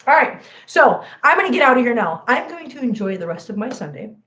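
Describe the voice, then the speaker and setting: A woman's voice: on the high side, sing-song, a little fast, fairly bright tone. A chatty American woman hosting a casual cat channel livestream, joking about herself and laughing often. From United States. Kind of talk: casual live chat to viewers.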